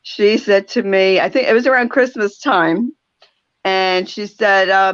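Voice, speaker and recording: An older woman hosts a talk radio show, sharing stories in a reflective, tender way with frequent pauses. Her voice sits at a middle pitch. The recording is dry and slightly muffled. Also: clean tone, dry recording. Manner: reflective, pausing, softly emotional storytelling. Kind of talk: heartfelt conversational talk.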